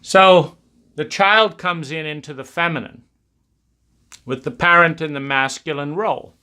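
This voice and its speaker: A man giving a reflective talk, speaking in slow, emphatic, repetitive cadences. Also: fairly high pitch, pushed and bright, clear, resonant tone.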